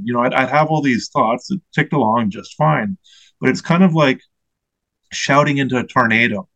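A man's voice: mid-range voice, moderate pace, a bit bright, low-quality recording. A man in his forties, an interview guest and mental health advocate, telling his own story in an earnest, reflective way and searching for his words.

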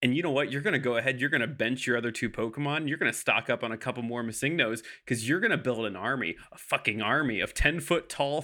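Man, comedy podcast panelist; bright, punchy voice, escalating hype. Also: medium pitch. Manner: escalating, over-the-top hype. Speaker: podcast panelist pitching a game. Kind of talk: comedic improv pitch.

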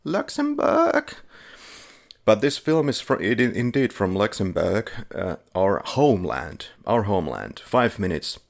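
A man with a very low voice co-hosts a casual film podcast. He walks through short-film plots in a relaxed, dryly sarcastic way and chuckles now and then. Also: moderate pace, creaky, few pauses. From Finland. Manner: laid-back, chuckles while reviewing, dry sarcasm. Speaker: podcast co-host. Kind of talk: casual film review chat.

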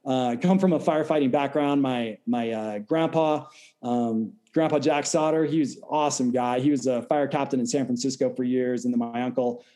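A Californian man in his thirties, appearing as a podcast guest, explains things in a measured way during a casual interview chat, letting his sentences trail off at the ends. His voice is medium-pitched and mellow.

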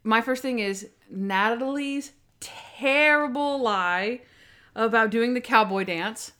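A lively woman with a slightly high voice chats through a TV episode recap. She keeps throwing in fillers and acts out the characters' lines as she goes. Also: slow pace. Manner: animated, acts out quotes, many fillers. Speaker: podcast co-host. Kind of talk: casual episode review chat.

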